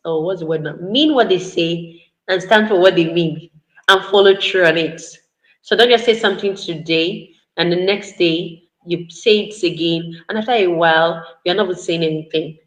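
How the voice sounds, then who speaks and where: A woman's voice: fairly low pitch, moderate pace. Woman, parenting educator, earnest repeating delivery, echoey video-call sound. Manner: earnest, repeats points for emphasis. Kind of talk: online parenting talk. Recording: roomy echo.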